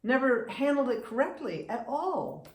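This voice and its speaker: A woman's voice: sits high, big pitch swings, moderate pace, echoey room. A woman in her seventies from the United States, talking casually to camera on her own vlog, chatty and opinionated, often restarting her sentences. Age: 70s. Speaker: vlogger and humorist.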